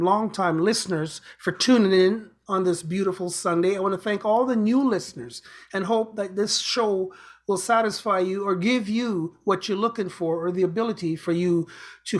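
Man, high-pitched, show host, motivational talk, earnest, repetitive exhortations.

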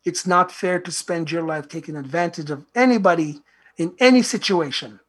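A man's voice: fairly high pitch, normal speed, breathy edge. A man hosting a self-help talk show, speaking earnestly and reflectively in a repetitive, lecturing way. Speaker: radio show host.

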